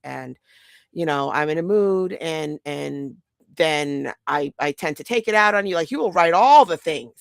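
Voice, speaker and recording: A middle-aged woman talks straight to the point in a blunt casual monologue. Her mid-pitched voice has a gravelly edge. The sound is close and dry with no room echo. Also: measured pace. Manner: blunt, animated, quotes others in acted voices. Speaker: mother and podcast host.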